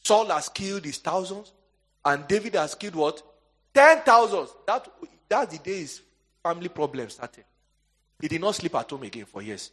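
Leaving questions open for his congregation to fill in, a male pastor preaches with a sing-song lilt, his voice a little high with a breathy edge. He keeps a normal speed and swings from soaring emphasis to quiet asides.

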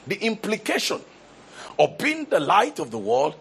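A man's voice: high-pitched, huge pitch swings, normal speed, gravelly, slightly rough. A man preaching a sermon, building to emphatic repeated declarations and often restarting his phrases. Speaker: pastor.

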